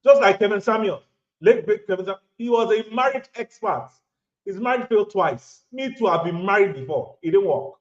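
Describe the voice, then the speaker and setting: A Nigerian vlogger in his thirties or forties, with a Nigerian accent, lectures viewers to camera on relationships, hammering points home by repeating lines. His high voice is animated and brisk, in roomy, dull lo-fi audio.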